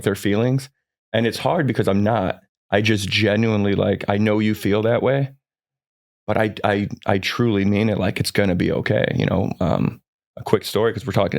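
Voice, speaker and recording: A man in his forties, a podcast guest, telling personal stories in an earnest, upbeat, rambling way with many restarts. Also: fairly low pitch. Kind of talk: personal storytelling in a podcast chat.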